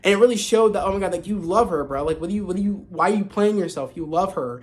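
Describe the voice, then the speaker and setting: A man talks through a TV episode in a loose, chatty review, piling up fillers and restarting his sentences as he goes. His voice sits a little higher than most men's, and he sounds eager and amused. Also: quick pace. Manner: rambling, many fillers and restarts; excitable, laughs off the plot. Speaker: TV show reviewer. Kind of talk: casual spoken episode review.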